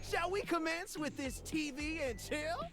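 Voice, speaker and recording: An actor voicing a smooth-talking male TV set in a video game, flirting and speaking in rhymes. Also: very high-pitched, measured pace, a bit bright, soft background music, full character voice. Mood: flirty. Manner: rhyming, flirty, showy announcer patter.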